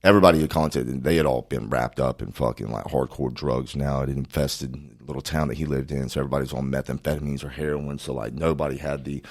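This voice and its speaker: A man from Florida with an extremely deep voice. He is a podcast guest telling a long story in casual chat. His talk is laid-back, rambling and full of cursing. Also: fairly even intonation, quick pace, few pauses.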